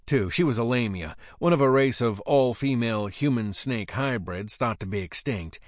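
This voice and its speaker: A man's voice: mid-range voice, no echo. Man narrating with dry wry humor. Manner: wry, sardonic. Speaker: audiobook narrator. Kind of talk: scripted narration.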